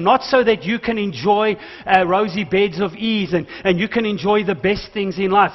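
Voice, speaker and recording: A man preaching a sermon as pastor, emphatic and calling out to his congregation, mixing in jokes. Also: high-pitched. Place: church hall. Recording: dull church recording with long hall reverb.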